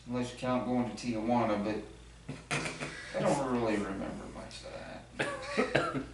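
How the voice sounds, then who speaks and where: A man's voice: medium pitch, very echoey. Rambling man heard far off the mic. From Ohio. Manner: rambling anecdotes with acted-out quotes. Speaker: show regular answering questions. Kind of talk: casual chat.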